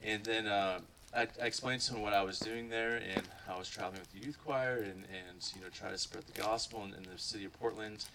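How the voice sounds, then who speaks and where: A young man from Ohio rambles through a church testimony, padding his sentences with fillers and "like". His lowish voice has a bright edge, and he sits back from the microphone with a faint room hum behind him. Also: steady tone, a little fast, few pauses, distant mic, rough recording. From Ohio, USA. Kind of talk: casual spoken testimony to a group.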